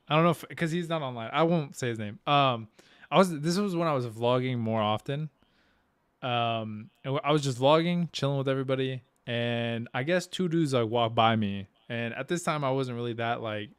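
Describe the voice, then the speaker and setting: A young man chatting on a podcast in a relaxed, slangy way, laughing as he tells stories and swearing freely. The recording is close and dry, with no room sound. His pitch sits at an ordinary middle height. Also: clear, resonant tone, no echo. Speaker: podcast co-host. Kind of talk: casual chat, storytelling.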